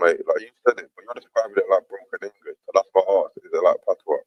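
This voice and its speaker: Radio host, very deep voice, deadpan teasing of callers, dry close sound. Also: male voice, rapid-fire, no echo, dull audio. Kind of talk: casual call-in banter.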